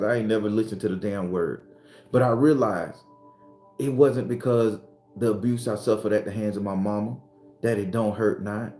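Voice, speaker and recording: A man with a Southern accent gives an emphatic, earthy spiritual talk, hammering his points home through repetition. His voice sits low and mellow. The sound carries the echo of a roomy space. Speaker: spiritual teacher.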